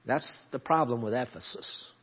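Husky preacher, dull recording. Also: male voice, medium pitch, normal speed. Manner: emphatic preaching with sudden loud climbs and quiet drops. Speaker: pastor. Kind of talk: sermon.

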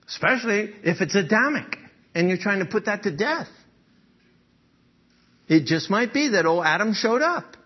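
Guy preaching, husky voice kinda high, swoops up and down a lot, muffled lo-fi sound. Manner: conversational preaching, frequent "okay?" and "right?" asides; chuckles often while speaking. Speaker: pastor. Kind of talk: sermon.

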